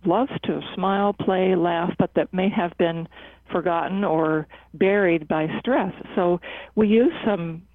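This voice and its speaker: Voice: mid-range voice, steady tone, dry recording. Earnest therapist on a tinny phone line. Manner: earnest, measured, with frequent fillers and restarts. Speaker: psychotherapist and laughter club leader at a cancer center. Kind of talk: conversational interview answers.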